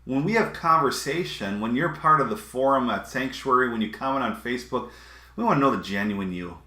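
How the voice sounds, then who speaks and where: A man's voice: medium pitch, big pitch swings, brisk, pushed and bright. A man giving a casual, conversational sermon with chuckling asides. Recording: roomy echo.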